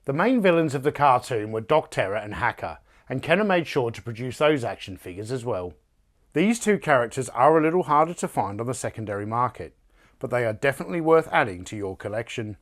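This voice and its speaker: A man reading a scripted toy review narration in an even, polished way. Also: medium pitch, a little fast.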